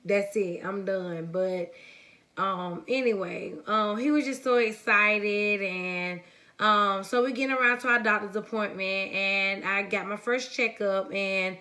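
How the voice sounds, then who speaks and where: A young woman from the United States telling a story-time vlog in a lively, chatty way, talking straight to her viewers. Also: mid-range voice, measured pace. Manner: casual and chatty, calls viewers honey and baby. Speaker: vlogger.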